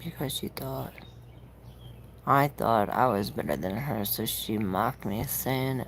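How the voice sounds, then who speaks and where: A woman's voice: extremely low pitch, normal speed, gravelly, slight background noise, poor audio. A woman giving a casual, rambling tarot reading on a livestream, repeating herself and swearing now and then.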